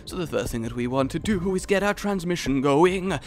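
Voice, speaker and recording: A man's voice: a little high, expressive, fairly quick, soft background music. Giggly, rambling male game commentator. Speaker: gaming channel host. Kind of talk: gameplay commentary.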